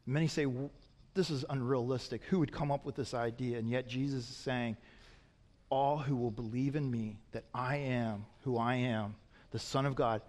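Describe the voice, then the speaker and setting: A man preaching a sermon as a pastor, swinging from loud emphatic peaks to quiet, low asides. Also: steady tone, moderate pace, in a large hall.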